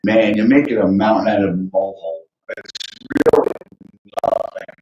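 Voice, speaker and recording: A low-voiced man rambles through a livestream, venting and cursing between fillers. He sits back from the mic in a roomy space, and the sound is muffled and lo-fi with faint hiss. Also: fairly even intonation, moderate pace, a little mellow, distant mic. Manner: rambling, venting rant with frequent profanity and fillers. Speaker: livestream host. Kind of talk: casual livestream chat.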